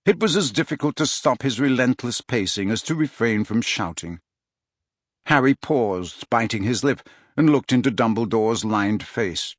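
A man narrating an audiobook in an expressive, dramatic reading style. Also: medium pitch, moderate pace, no echo, clean studio sound. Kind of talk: scripted storybook narration.

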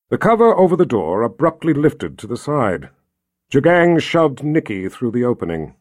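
A man narrating a fantasy novel in an expressive, storytelling voice. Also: mid-range voice, no echo, clean studio sound. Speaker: audiobook narrator. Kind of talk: scripted narration.

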